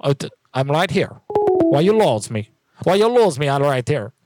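A man playing a prank caller with a made-up mix of foreign accents and broken English, asking halting, baffled questions. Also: mid-range voice, very noisy, close to an everyday voice. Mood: insistent.

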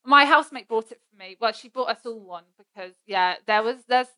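A woman's voice: a little high, fairly quick, pushed and bright. A young woman in casual chat who hesitates, corrects herself often and giggles.

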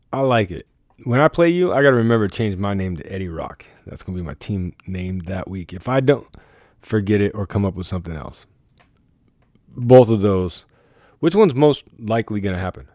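A man with a lowish voice, rambling through a casual league recap from his bedroom. His talk is crude and teasing, full of swearing and trash talk. The sound is dry and close, with no room echo. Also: very animated, moderate pace, a little mellow. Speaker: fantasy football league commissioner.

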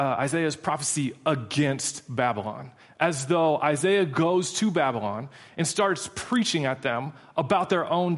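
A male preacher with a slightly high voice, telling a joking story to lead into his sermon. He talks loosely and conversationally and keeps the mood light. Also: fairly bright tone.

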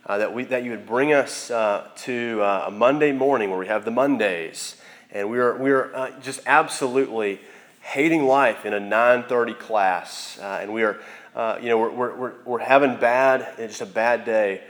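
A man's voice: medium pitch, normal speed. A young man preaching earnestly to a campus group on a Sunday evening, then praying, often repeating words as he searches for them. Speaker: campus minister. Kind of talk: sermon and closing prayer.

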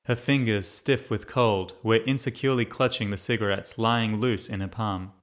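A man's voice: on the low side, steady tone, moderate pace. A man narrating a memoir as an audiobook reader, reading steadily and lifting his voice for the quoted lines.

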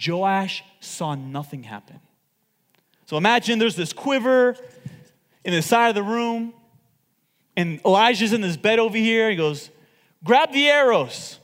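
A man preaching a sermon to his church, swinging between loud outbursts and hushed asides and acting out the people he quotes. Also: high-pitched, lively intonation, a little slow, pauses often, big-room sound. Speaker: pastor.

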